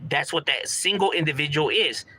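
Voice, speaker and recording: Man, casual street-slang monologue, very bright tone, pitched a bit high. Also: expressive, brisk, a little hiss or hum, poor audio. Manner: street slang, frequent "bro" and "you know", acts out quoted homies. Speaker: commentator talking about gang culture.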